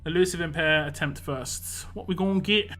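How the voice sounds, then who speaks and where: Young male streamer, talks to chat, hypes up lucky rolls; higher, punchy tone. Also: moderate pace, faint music behind. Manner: chatty, greets chat viewers by name and thanks them; excitable when hoping for lucky results. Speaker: mobile game streamer. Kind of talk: live-stream gameplay chat.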